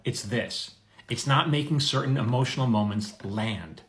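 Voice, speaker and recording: A man's voice: mid-range voice, moderate pace, fairly bright tone. A middle-aged man teaching screenwriting in a casual, conversational way, telling stories with quoted dialogue. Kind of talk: conversational advice monologue.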